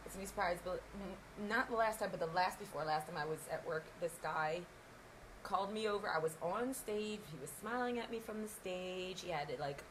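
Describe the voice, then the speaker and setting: A woman who works as an exotic dancer, chatting casually and acting out what customers said in animated stories. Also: lowish voice, fairly quick, noisy background. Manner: animated storyteller, acts out customers' lines. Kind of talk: casual chat.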